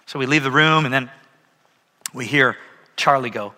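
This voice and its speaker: A man in his thirties preaching a sermon as a pastor, telling stories with lively energy and asking the audience to raise their hands. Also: mid-range voice, normal speed. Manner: animated storytelling, asks audience for raised hands. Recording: long reverb of a large hall.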